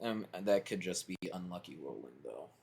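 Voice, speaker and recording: Male player, low pitch, easygoing hedging, thinks aloud. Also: lively intonation, normal speed, vocal fry, a little mellow, a little hiss or hum. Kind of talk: casual game table chat.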